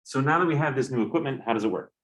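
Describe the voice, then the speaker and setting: A man's voice: medium pitch, animated, very fast, a bit bright. Man lecturing in an echoey classroom. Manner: candid, exasperated asides, joking. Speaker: physics professor. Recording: roomy classroom echo.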